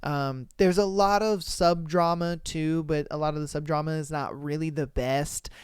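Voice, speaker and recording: A man's voice: on the high side, steady tone, normal speed, smooth, no room sound, studio quality. A man hosting a podcast, recapping a drama in a rambling, slangy, casual way. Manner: rambling, full of fillers and slang. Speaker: podcast host.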